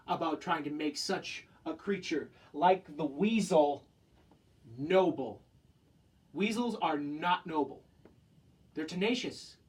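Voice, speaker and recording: A man's voice: fairly high pitch, far from the mic, poor audio. A young man giving an earnest spoken presentation to a professor, impassioned and full of rhetorical questions. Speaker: student giving a talk.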